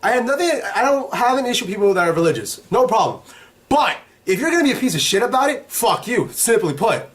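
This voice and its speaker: Young male vlog host, slightly high voice, rambling profane storyteller. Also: fast talker. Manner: profane, rambling, animated retelling. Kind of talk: casual storytelling.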